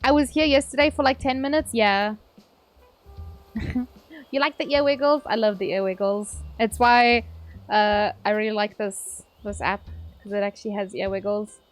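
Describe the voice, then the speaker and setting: A woman's voice: mid-range voice, normal speed, soft background music. A woman live streaming a game, chatting casually and playfully with her viewers and swearing now and then. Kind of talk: casual live-stream chat while gaming.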